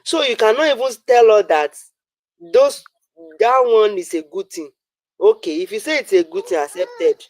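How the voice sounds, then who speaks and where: A man's voice: high-pitched, lively intonation, moderate pace, no room sound, rough recording. A man with a Nigerian accent arguing on a live stream, pressing his point with repeated fillers. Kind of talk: heated live-stream debate.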